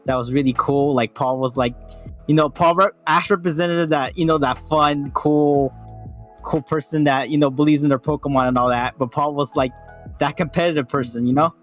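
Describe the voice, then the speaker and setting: A man's voice: on the high side, steady tone, moderate pace, soft background music. A man on a voice call giving a casual, hesitant reaction, thinking aloud with many restarts. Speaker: panel guest.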